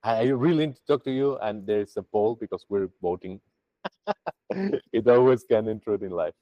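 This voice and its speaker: A man's voice: on the low side, normal speed, no room sound, dull audio. A man teaching a Buddhist practice to a group over a video call, chatty and full of restarts. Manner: lively, chatty, with many restarts.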